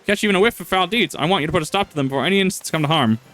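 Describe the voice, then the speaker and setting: Guy doing a dramatic 1920s announcer-style game investigator, kinda high voice. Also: racing, fairly bright tone, soft background music. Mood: urgent. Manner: 1920s announcer delivery, theatrical. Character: dramatic male investigator, old-timey and grave. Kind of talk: reading game dialogue aloud.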